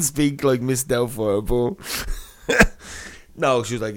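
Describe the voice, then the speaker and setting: A man's voice: medium pitch, a little slow. A young man telling a long, rambling anecdote in casual chat, swearing and laughing as he goes. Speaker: storyteller.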